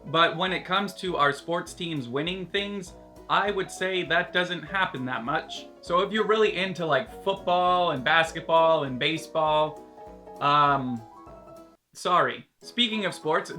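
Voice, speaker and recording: A man's voice: fairly high pitch, pushed and bright. A Canadian man with a Canadian accent, talking straight to camera in a jokey, casual vlog and swearing freely. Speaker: vlogger. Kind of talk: comedic vlog monologue.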